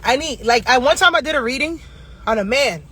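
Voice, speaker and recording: Bright-voiced woman ranting bluntly. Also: high-pitched, animated, a little hiss or hum. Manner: blunt, profane, fast-ranting with tangents. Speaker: astrologer and tarot reader. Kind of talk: ranting casual astrology reading.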